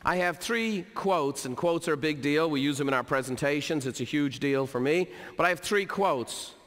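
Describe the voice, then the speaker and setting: Middle-aged man as a keynote speaker, lively storytelling, slightly high pitch, long hall echo. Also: moderate pace. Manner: energetic, storytelling, repeats for emphasis. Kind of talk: motivational business talk. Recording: hall reverb.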